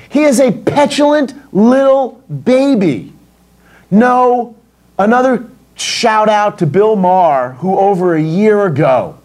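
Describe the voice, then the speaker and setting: A man's voice: high voice, darkish tone. A middle-aged man from the United States hosting a political commentary show, ranting in an indignant, sarcastic and profane way.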